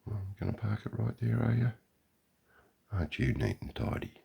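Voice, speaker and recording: A man's voice: lowish voice, big pitch swings, normal speed, gravelly, slightly rough, dull audio. An Australian man giving a sarcastic, profane running commentary outdoors beside a golf green. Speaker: vlogger.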